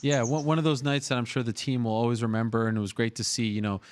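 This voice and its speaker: A man's voice: mid-range voice, level tone, fast talker. A man hosting a talk show, chatting casually and eagerly with fillers and restarts. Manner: chatty, upbeat, lots of fillers. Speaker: host.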